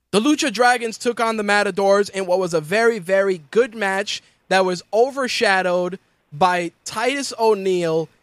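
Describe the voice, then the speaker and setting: A man hosting a casual wrestling and fight talk show, animated and profane, often mimicking the people he talks about. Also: sits high, no echo. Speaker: podcast host.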